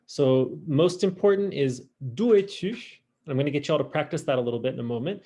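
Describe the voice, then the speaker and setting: Lively, husky-voiced French teacher. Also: male voice, fairly high pitch. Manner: drawls y'all, drills phrases slowly. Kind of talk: online class teaching. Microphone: video call.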